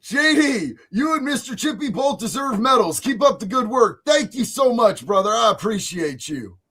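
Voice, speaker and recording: A man hosting a live stream, reading chat messages aloud in a loud, excitable way, often shouting. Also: very high voice, moderate pace, breathy edge.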